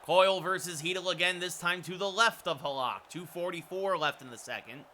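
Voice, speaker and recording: Brief: male streamer, thirties, high bright voice, excitable hockey play-by-play. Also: fairly quick, a little hiss or hum. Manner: excitable play-by-play calls, with asides to chat. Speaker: streamer doing play-by-play of a hockey video game. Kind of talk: sports play-by-play commentary.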